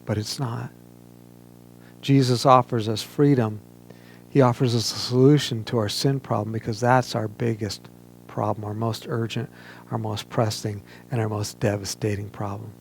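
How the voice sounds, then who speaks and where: Male pastor, gravelly mid-pitched voice, earnest measured sermon delivery, faint hum behind. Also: steady tone. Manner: earnest, measured preaching with emphatic pauses. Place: church, streamed online service.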